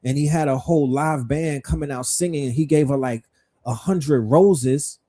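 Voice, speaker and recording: Mellow-voiced man hosting a livestream. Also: on the high side, normal speed. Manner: rhetorical, questioning, profane. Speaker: livestream host. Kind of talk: livestream commentary.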